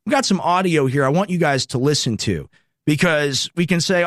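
A man hosts an opinionated political talk show, sarcastic and loose as he reads posts aloud and adds asides. His voice sits somewhat high. The sound is dry, without any room echo. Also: moderate pace, fairly bright tone. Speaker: political commentary host.

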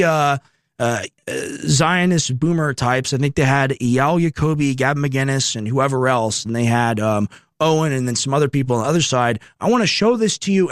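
Speaking at a medium pitch, a radio host in his twenties delivers a political commentary monologue. He leans on emphatic rhetorical questions that he repeats again and again, and the studio sound is clean and echo-free.

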